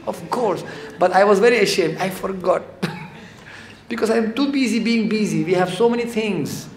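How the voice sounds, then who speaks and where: A man's voice: sits high, moderate pace. A man giving a devotional lecture in a temple hall, talking conversationally and animatedly while telling stories. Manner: conversational, animated, acts out quotes. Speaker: spiritual lecturer. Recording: echoey hall with faint noise.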